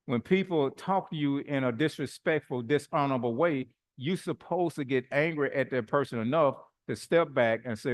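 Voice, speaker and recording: A middle-aged man preaching in a relaxed, colloquial way. His voice sits at an ordinary middle pitch. He moves through personal stories with lively swings and chuckles between phrases. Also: normal speed, few pauses. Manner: animated, colloquial, laughs mid-sentence. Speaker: bishop. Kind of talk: informal sermon with personal stories.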